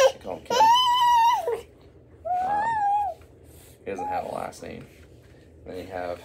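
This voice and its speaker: A man's voice: lowish voice, gravelly, background noise. A man improvising a silly story, rambling with many fillers and asides.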